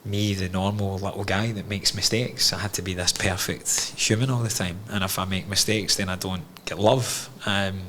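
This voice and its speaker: A man's voice: sits low, fairly even intonation, normal speed, hardly any pauses, fairly bright tone, a little hiss or hum. A Scottish man in a candid podcast conversation, telling a personal story in an earnest, reflective way and swearing freely. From Scotland. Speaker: podcast guest.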